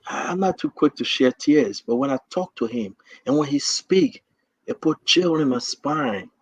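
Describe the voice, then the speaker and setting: A Liberian-accented man delivers a rousing, repetitive address to his livestream audience. His voice is husky and sits at a middle pitch. The recording is dull and lo-fi, with a dry, close sound. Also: lively intonation, normal speed, dry recording. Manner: rousing, repetitive rallying cries. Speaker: livestream host. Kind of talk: impassioned political address to online viewers.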